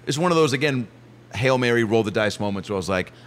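A male comedian telling a story as a guest in a casual chat, excitable and self-mocking. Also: mid-range voice, fast.

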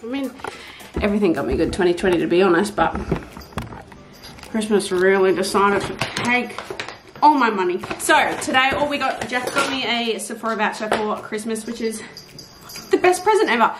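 A woman's voice: medium pitch, animated, normal speed, music in the background. Chatty Australian woman in an echoey room. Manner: chatty, rambling, jokey and casually profane. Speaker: vlogger. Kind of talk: casual day-in-the-life vlogging. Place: home, indoors.

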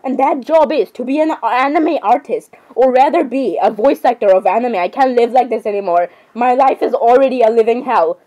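A woman's voice: on the high side, normal speed, hardly any pauses, dark tone, muffled recording. A thirteen-year-old girl chatting while gaming, rambling and dramatic. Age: teens. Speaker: gamer. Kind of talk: casual gameplay chatter.

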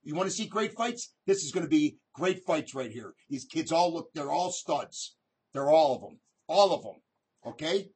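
Brash husky-voiced man hyping fights. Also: on the high side, expressive, moderate pace, a little mellow. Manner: brash and emphatic, keeps tossing in "okay?". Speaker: boxing promoter and video host. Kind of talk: hype promo talk to camera.

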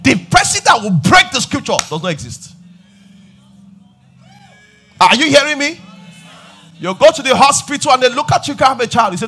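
A Nigerian man preaching a church sermon in a high, bright voice that swings widely in pitch. He leans into shouted, sing-song emphasis and keeps returning to refrains. Faint music plays under him. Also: very animated, moderate pace, pauses often, breathy edge. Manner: repeats refrains and calls on the congregation. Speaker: pastor. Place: church service.

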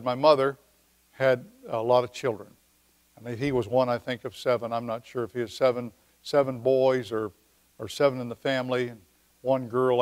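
A pastor preaching to his congregation at a church service. He speaks in an everyday, conversational way, pausing often and slowing down whenever he reads a verse. His voice sits at an ordinary middle pitch for a man. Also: darkish tone. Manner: unhurried, conversational preaching with pauses and slowed scripture reading. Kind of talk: sermon.

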